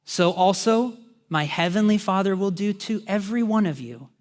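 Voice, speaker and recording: A man's voice: high voice, lively intonation, moderate pace. A man preaching a sermon in a church, talking conversationally with joking asides to the congregation. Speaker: pastor.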